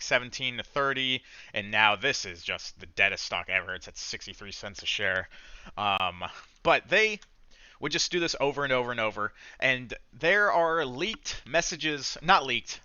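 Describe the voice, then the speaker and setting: A young man hosting a trading channel, talking casually over charts in an animated, profane, mocking way. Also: medium pitch, clean tone, dry recording. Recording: dull, dry lo-fi sound.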